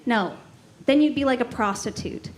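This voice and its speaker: A woman's voice: on the high side, moderate pace, a little hiss or hum. A woman doing a sardonic, profane stand-up set, teasing the crowd. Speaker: stand-up comedian. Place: comedy club stage.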